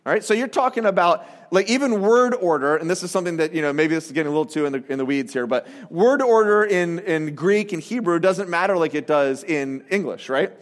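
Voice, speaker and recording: A man preaching a sermon as a pastor, animated and conversational, acting out quoted voices. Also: fairly high pitch, a little fast, hardly any pauses. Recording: reverberant hall.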